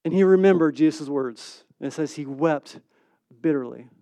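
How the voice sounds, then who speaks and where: A man preaches in a lively, conversational way, often checking in with "right?". He acts out the scenes, swinging from loud to hushed. His voice sits high and the sound is dry, with no room echo. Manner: animated storytelling with quick swings between loud and hushed. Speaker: pastor. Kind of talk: sermon.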